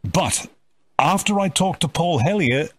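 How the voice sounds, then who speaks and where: A man from the UK hosting an interview, often halting and repeating words as he starts sentences. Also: on the high side, lively intonation, noisy background. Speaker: host. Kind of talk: interview chat.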